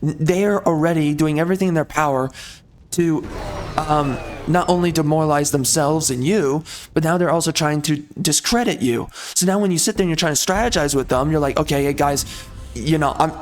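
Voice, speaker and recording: A man's voice: fairly high pitch, fairly quick. A man giving rambling, exasperated commentary over gameplay, often stumbling and restarting his sentences. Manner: exasperated, rambling, frequent restarts and filler words.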